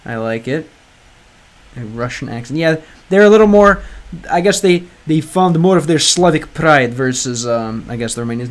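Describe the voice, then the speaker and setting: A man's voice: a little high, expressive, moderate pace. A man livestreaming a game, translating lines aloud and chatting with viewers in a rambling, hesitant way. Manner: rambling and hesitant, many ums and restarts; translates aloud and answers chat. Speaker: livestreamer learning Spanish through a game. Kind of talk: casual live-stream chat.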